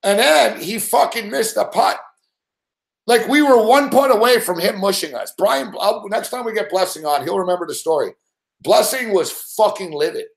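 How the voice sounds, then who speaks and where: A man hosting a late-night sports betting rant, swearing and yelling excitedly at the game while telling stories. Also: sits high, moderate pace, gravelly. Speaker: sports betting show host. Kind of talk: live rant while watching games.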